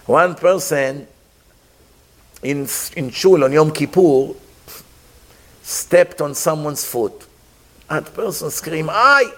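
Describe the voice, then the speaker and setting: A man's voice: fairly high pitch, slow pace, long pauses. A man teaching a Torah class, asking his listeners rhetorical questions and mixing Hebrew terms into his English. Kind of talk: religious class.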